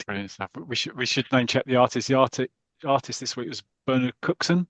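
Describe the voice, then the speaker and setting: A man's voice: medium pitch, fast, a bit bright, dry recording. A British man hosting a podcast in casual chat, chatty, often repeating words and laughing easily. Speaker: podcast host.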